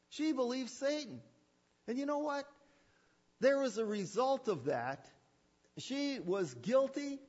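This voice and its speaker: A man preaching a sermon with emphatic repetition and rhetorical questions. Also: very high voice. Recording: dull lo-fi sermon recording.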